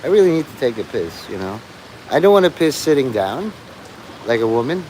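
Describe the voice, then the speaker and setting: A middle-aged man talks on and on outdoors in the rain, crude and profane, in a voice of ordinary pitch. His rambling monologue jumps from topic to topic. Faint street and traffic noise runs under him. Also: very animated, a little fast, rough recording. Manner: rambling, crude, swears loudly at the sky.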